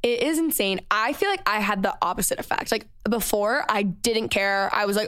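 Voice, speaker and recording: A woman's voice: medium pitch, normal speed, few pauses, fairly bright tone, clean tone, dry recording. A young woman with a Valley Girl accent hosting a podcast, chatting casually and rambling with lots of "like" and trailing thoughts. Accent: Southern California Valley Girl. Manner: rambling, filler-heavy, with frequent "like". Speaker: podcast host. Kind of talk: casual chat.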